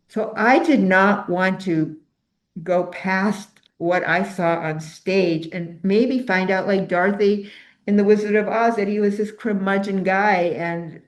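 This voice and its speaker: Older woman telling lively stories. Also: fairly low pitch. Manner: animated, rambling with self-corrections. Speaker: author and interview guest. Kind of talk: storytelling interview answers.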